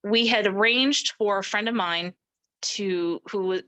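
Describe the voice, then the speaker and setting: Bright, animated middle-aged woman guest. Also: mid-range voice, measured pace, poor audio. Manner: animated, acts out quoted speech. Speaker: interview guest. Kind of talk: emotional personal storytelling.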